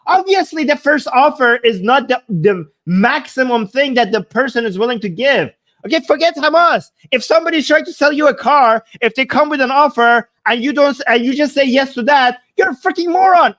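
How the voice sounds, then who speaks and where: A political commentator talks back at a debate clip in an argumentative, emphatic way. The speaker fires off rhetorical questions and mocks the other side. The voice sits at a middling pitch. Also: a bit bright. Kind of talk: reaction commentary.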